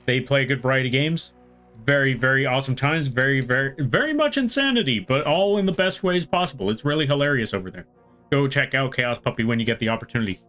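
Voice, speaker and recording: An art streamer from the western United States chats casually and quickly on a live stream, his relaxed American accent carrying a slight Southern twang. His pitch is ordinary mid-range, faint music plays behind him, and he rambles in a friendly way while greeting viewers by name.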